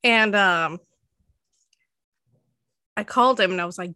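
A woman's voice: medium pitch, unhurried, bright, forceful tone, smooth, no echo, studio quality. A woman in her twenties telling a story in casual chat, full of fillers and laughing often.

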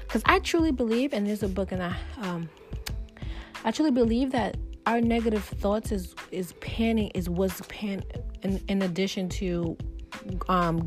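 A woman's voice: on the low side, a little mellow. A woman vlogger giving casual motivational advice, emphatic and preachy, talking loosely with many fillers. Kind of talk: casual motivational talk to camera.

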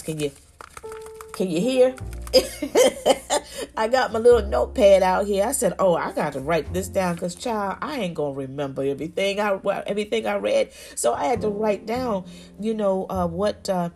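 A woman's voice: medium pitch, brisk, gravelly, darkish tone, faint music behind. A woman hosting a faith podcast, talking effusively and exclaiming often, with frequent "you know" and "y'all". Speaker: podcast host.

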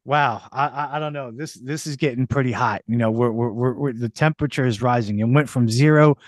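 A man hosting a casual interview in a studio, playful and halting with restarts. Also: medium pitch, dry recording. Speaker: podcast host. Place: recording studio.

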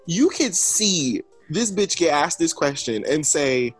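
A young man in casual chat, ranting with expressive, exasperated slang. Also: fairly high pitch, slow, faint music behind.

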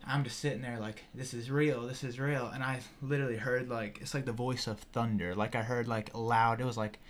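A young man telling a wild personal story in casual podcast talk, animated and profane, with lots of "you know" and "like". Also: medium pitch, a little fast. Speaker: podcast guest.

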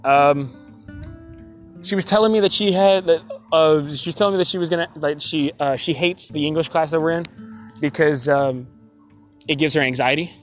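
A man's voice: on the high side, moderate pace, pauses often, faint music behind. A young man casually telling a story about texting a classmate, rambling with lots of fillers, self-corrections and laughs. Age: young adult. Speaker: college student telling a story.

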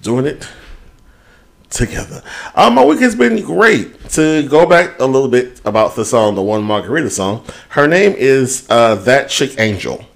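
A man's voice: medium pitch, very animated, moderate pace, gravelly. A man co-hosting a podcast, chatting casually and candidly about his week, swearing freely as he talks it through. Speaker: podcast co-host. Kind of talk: casual chat.

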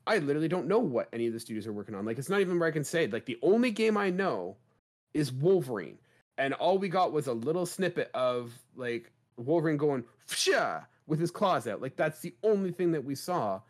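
A man's voice: fairly high pitch, very animated, a little fast. Guy on a gaming podcast, casual chat, keeps hammering his point. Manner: emphatic, rhetorical questions. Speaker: podcast co-host.

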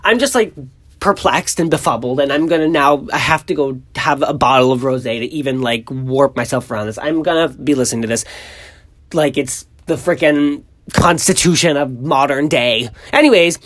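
A young man hosting a casual solo podcast, chatty and gossipy, rambling with lots of fillers and restarts and jumping up in pitch for emphasis. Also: moderate pace. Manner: animated pitch jumps for emphasis. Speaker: podcast host.

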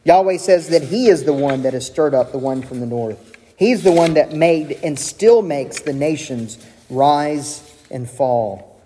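A man, preaching a sermon, animated, raising his voice when he quotes God. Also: unhurried, in a large hall, a little hiss or hum. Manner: animated preaching, voicing God's lines with a raised pitch.

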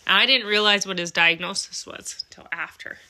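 A woman's voice: medium pitch, moderate pace, pushed and bright. A young adult woman hosting a podcast, telling personal stories in an earnest, emotional way and swearing casually. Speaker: podcast host. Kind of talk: candid personal monologue.

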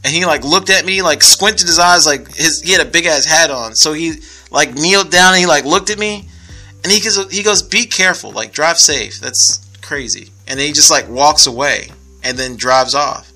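A young man with a very bright, lively voice tells a story in a relaxed podcast chat. He laughs as he goes and briefly acts out the other people in the tale. Faint music plays behind him. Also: on the high side, moderate pace.

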